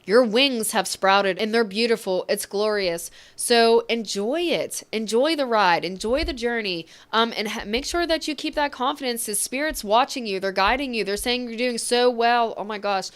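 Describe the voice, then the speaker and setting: A woman giving an emotional, reassuring tarot reading, speaking gently and getting choked up at times. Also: a little high, moderate pace, few pauses. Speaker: tarot reader.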